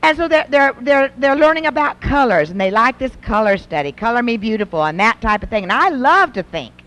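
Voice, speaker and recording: A woman's voice: a little high, fairly quick. A middle-aged woman giving a folksy, conversational talk to an audience of women, acting out little scenes between mothers and daughters. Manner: animated, folksy, acts out mothers and daughters in quotes. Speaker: speaker at a Christian women's event.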